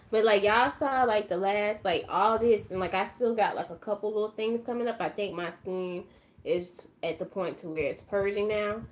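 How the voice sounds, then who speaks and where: A woman chatting casually while doing her makeup, emotional and effusive, now and then dropping to a quiet murmur as she concentrates. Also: medium pitch, normal speed. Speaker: beauty vlogger.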